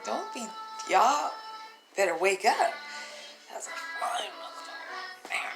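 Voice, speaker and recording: A woman's voice: medium pitch, very animated, takes it slowly, creaky, over music. A tired single mother talking straight to her phone camera in a raw, profane, rambling vlog, laughing to herself between thoughts. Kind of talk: raw unscripted vlog monologue.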